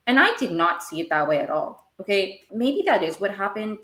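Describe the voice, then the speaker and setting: A woman's voice: on the low side, lively intonation, moderate pace, few pauses, fairly bright tone. A woman hosting a podcast, recapping a TV show in a rambling, casual way and getting worked up as she talks. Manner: rambling, gets worked up and emotional. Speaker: podcast host. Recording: echoey room.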